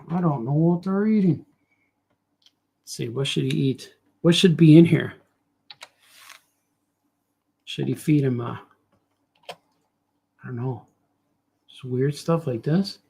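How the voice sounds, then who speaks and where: Gravelly, husky man musing while he draws. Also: a little high, mellow. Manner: rambling, jokey, thinking aloud. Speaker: cartoonist drawing on a show. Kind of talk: casual commentary while drawing.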